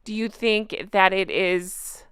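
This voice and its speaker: A woman's voice: mid-range voice, takes it slowly, a bit bright, clear, resonant tone, no room sound, studio quality. A middle-aged woman hosting a commentary vlog, talking in a heated, indignant way and reading viewer comments aloud. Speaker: commentary channel host.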